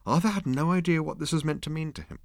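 A man reading an audiobook in a wry, measured storytelling voice. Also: fairly high pitch, vocal fry, no echo, studio quality. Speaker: audiobook narrator. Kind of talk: scripted narration.

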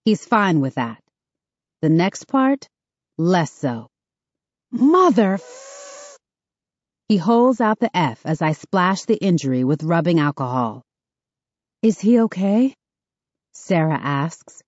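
A woman narrating a first-person audiobook in a steady, measured way. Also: low voice, no room sound. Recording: dull, dry studio recording.

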